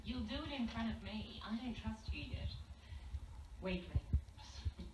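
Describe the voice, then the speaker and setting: A wry woman in a TV drama, teasing, animated delivery, faint noise. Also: a little high, slow, poor audio. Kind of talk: TV drama dialogue.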